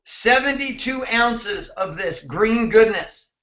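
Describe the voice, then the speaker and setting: A man's voice: high-pitched, expressive, takes it slowly, roomy sound, lo-fi sound, background noise. A man hosting a motivational show, talking intensely and emphatically, with some swearing. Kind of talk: motivational talk to camera.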